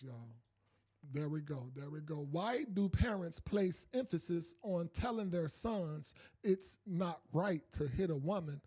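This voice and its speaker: A man's voice: sits high, mellow, no echo, clean studio sound. A man hosting a casual call-in podcast, talking loosely and repeating himself as he speaks straight to his viewers. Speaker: podcast host.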